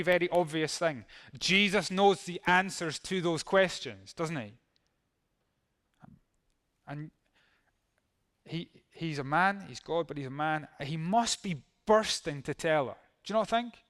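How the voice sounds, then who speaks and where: A man's voice: on the high side, measured pace, a bit bright. A male pastor preaching a sermon in a conversational way, reading verses and acting out how they might sound.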